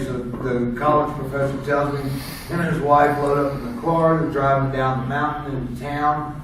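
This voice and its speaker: Speaking at a normal speed in a mid-range, fairly bright voice with fairly even intonation, an American wrestler tells road stories at a seminar. He rambles and laughs at his own tales, and the far-off mic in the echoey room adds a little hiss or hum.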